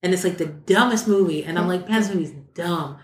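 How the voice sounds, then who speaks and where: A woman with a fairly low voice tells a casual story as a podcast guest, jumping up into other voices whenever she quotes someone. She sounds animated throughout. The room around her is echoey. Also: a little fast. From Texas. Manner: animated, acts out quoted lines in raised voices.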